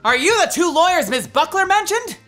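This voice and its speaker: A woman voicing a loud, overeager young male detective who talks fast. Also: very high voice, big pitch swings, soft background music, pitched above the performer's own voice, heavily acted. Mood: eager.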